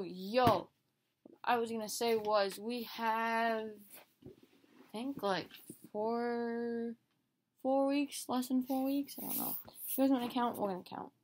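A woman's voice: fairly high pitch, slight background noise. A young woman in a casual vlog, talking to her viewers in a chatty, rambling and playful way. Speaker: vlogger.

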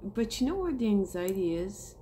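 A woman's voice: medium pitch, sing-song, normal speed, warm tone, a little hiss or hum. A woman talking earnestly and emotionally to her viewers in a heartfelt monologue, swearing casually. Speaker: spiritual vlogger.

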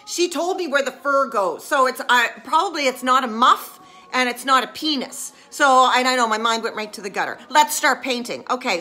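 A woman chatting casually on a live stream as she crafts, self-mocking and chatty, with excited squeals of delight. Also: sits high.

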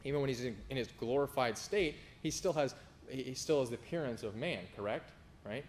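A man in his thirties preaching a sermon, rising for scripture and dropping low and quick for personal stories. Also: a little hiss or hum. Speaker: pastor.

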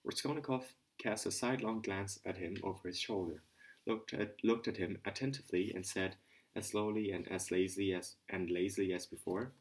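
A man narrates a novel in a hobby audiobook. His voice sits fairly low, and he reads steadily, now and then tripping over a word and starting it again. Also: steady tone, brisk, poor audio. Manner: occasional stumbles and restarts. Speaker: audiobook reader.

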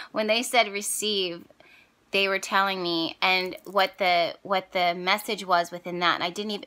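Woman, bright clear tone, chatty spiritual vlogger, openly emotional storytelling. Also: mid-range voice. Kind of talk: casual storytelling to viewers.

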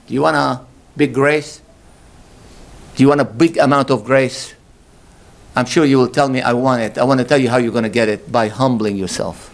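A man's voice: fairly even intonation, vocal fry. Impassioned preaching man. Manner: impassioned, swells to high emphatic peaks, slow drawn-out stresses; calls out rhetorical questions to the congregation. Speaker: pastor. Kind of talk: sermon.

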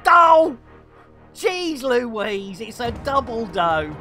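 Yorkshire man, very high voice, drawn-out delivery, excitable gameplay commentary, loud game music behind. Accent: English, Yorkshire. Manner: excitable, shouts and taunts in bursts, British slang. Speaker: gaming streamer.

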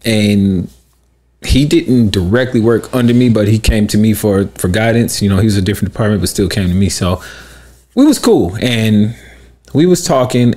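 A man co-hosting a podcast, telling a story in casual chat, acting out quotes loudly and laughing often. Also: on the low side. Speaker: podcast co-host.

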